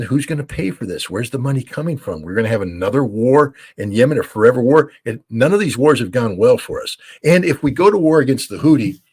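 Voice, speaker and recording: A man's voice: mid-range voice, breathy edge. A man giving blunt, emphatic interview commentary as a military analyst, repeating his points for stress. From United States.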